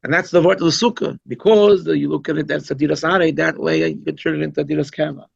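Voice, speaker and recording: A rabbi gives a conversational, emphatic Chassidic talk with frequent asides. His voice sits somewhat high and has a gravelly, husky grain. The recording is dry and dull, with little room sound. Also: steady tone, fast, no echo. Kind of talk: informal Chassidic talk at a holiday gathering.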